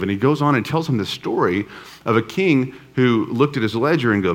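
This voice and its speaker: A man preaching a sermon to a live congregation in a relaxed, storytelling way with touches of humor. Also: mid-range voice, fairly quick. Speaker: pastor. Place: church before a live congregation.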